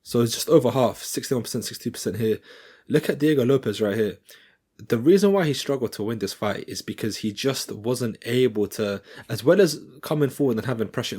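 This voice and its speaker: A man's voice: lowish voice, a little mellow, breathy edge. A young man giving loose, jokey fight commentary at home, rambling and slangy. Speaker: fight recap vlogger.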